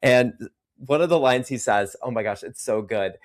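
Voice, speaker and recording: A man's voice: mid-range voice, moderate pace. A man co-hosting a movie podcast, chatting casually and enthusiastically retelling scenes. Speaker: podcast co-host. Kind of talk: casual chat.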